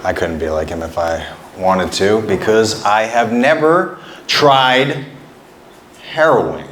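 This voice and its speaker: A man's voice: on the low side, slow, a bit bright. A man doing a stand-up set on a small club stage, rambling through absurd jokes with stammering restarts into a handheld mic. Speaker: stand-up comedian. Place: small club stage before a live audience. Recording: roomy live club sound.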